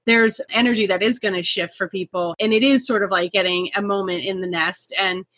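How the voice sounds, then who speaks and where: Female podcast host, effusive, leading questions; bright tone, dry recording. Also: medium pitch, fairly even intonation, brisk, no echo. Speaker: podcast host and energy healer. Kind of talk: conversational podcast interview.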